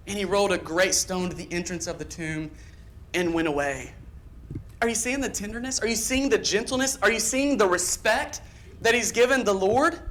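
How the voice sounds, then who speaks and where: A man preaches a church sermon in an earnest, emphatic voice. He pushes ahead in quick bursts and leans on repeated phrases to drive each point home. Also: high voice, a bit bright. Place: church sanctuary.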